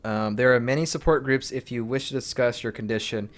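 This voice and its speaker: A man's voice: medium pitch, brisk. Man casually reading game text aloud. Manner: casual, reads in his own voice with asides. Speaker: streamer.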